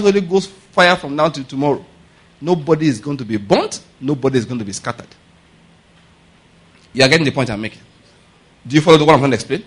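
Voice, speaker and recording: A male pastor, preaching a conversational sermon and often checking that listeners follow. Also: fairly high pitch. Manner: conversational preaching, keeps asking if the audience gets his point.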